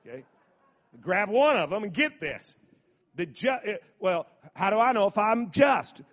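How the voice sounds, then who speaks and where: A man's voice: a little high, fairly bright tone. A man preaching a sermon as pastor, stumbling over repeated words and building to emphatic declarations. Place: church service hall. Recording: long hall reverb.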